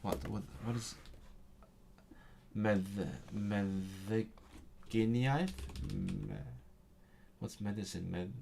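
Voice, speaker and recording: A man practicing a new language aloud during a session. He speaks haltingly, restarts words and corrects himself, with English asides. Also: on the low side, gravelly, a little mellow, a little hiss or hum. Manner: hesitant, with many restarts and self-corrections.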